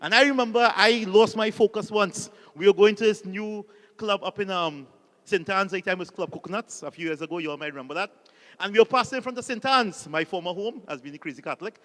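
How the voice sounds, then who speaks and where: A man's voice: high-pitched, fairly quick, fairly bright tone, in a large hall. A man with a Trinidadian accent, a Catholic priest giving a humorous motivational talk full of stories and audience call-and-response. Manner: jokey storyteller, calls on the audience to repeat lines.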